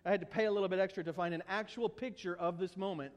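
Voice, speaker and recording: High-voiced preacher in a reverberant hall. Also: male voice, fairly even intonation, quick pace. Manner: earnest, stumbling repetitions, humorous asides. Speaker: pastor. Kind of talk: sermon.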